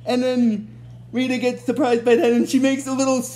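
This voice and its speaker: A woman's voice: high-pitched, little pitch movement, normal speed, dark tone. A woman casually recapping a TV episode in a rambling way, full of fillers and restarts. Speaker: show recap host.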